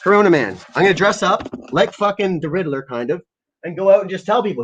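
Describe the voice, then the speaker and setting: A man's voice: high-pitched, animated, quick pace, a bit bright, muffled recording, a little hiss or hum. A man ranting live on a stream, swearing heavily in an aggressive, rambling way. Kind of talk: profane livestream rant.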